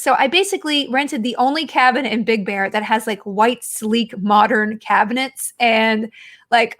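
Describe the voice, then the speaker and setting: A woman in her forties talks through a casual podcast chat in a bright, high voice. She rambles from story to story and pokes fun at herself along the way. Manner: chatty, self-mocking, rambling storyteller. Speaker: podcast host.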